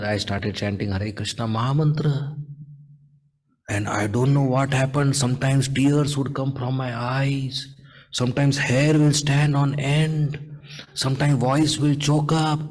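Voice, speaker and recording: A man gives a devotional sermon, telling a story with lively acted-out lines and slow chanting. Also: long reverb tail. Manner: animated storytelling, acts out the characters' lines; chants mantras in a low, slow sing-song. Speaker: spiritual teacher.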